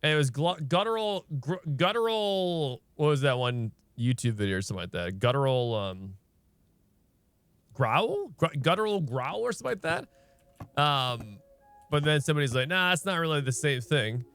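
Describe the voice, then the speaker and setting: A man's voice: on the high side, animated, normal speed, fairly bright tone, smooth, dry recording, soft background music. A man streaming a video game, chatting casually and thinking aloud while he plays, often firing off questions. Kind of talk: casual let's-play commentary.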